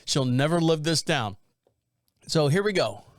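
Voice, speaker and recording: Podcast host, male, high voice, close dry mic, rambling blunt storyteller. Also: lively intonation, a little slow, no echo. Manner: rambling, blunt, joking, reads a story aloud with asides. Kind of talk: casual storytelling commentary.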